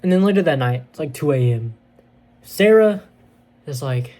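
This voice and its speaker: A man with a fairly high voice retells a film's plot as a casual reviewer. He is excitable and rambles, full of fillers and restarts. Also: moderate pace. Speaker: movie reviewer.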